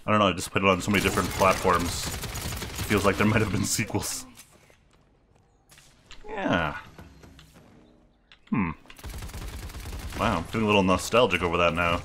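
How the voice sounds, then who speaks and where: A man giving casual, low-key let's play commentary, muttering wry asides as he plays. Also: lively intonation, normal speed, pauses often, bright, forceful tone, a little hiss or hum. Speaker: gameplay commentator. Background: game music and gunfire.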